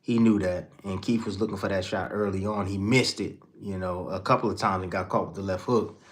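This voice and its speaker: A man hosting a boxing show, chatting casually with his viewers and reading out their comments in a slangy, animated way, exclaiming and swearing freely. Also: deep voice, brisk.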